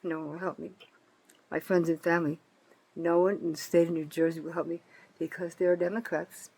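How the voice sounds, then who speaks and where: A woman's voice: lowish voice, little pitch movement, brisk, creaky, warm tone, slightly rough. Older woman in her 70s, fired-up solo political rant, swears a lot, hammers her points over and over. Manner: angry, profane, accusatory; emphatic, repeats herself for stress. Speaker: citizen vlogger. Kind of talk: ranting political monologue.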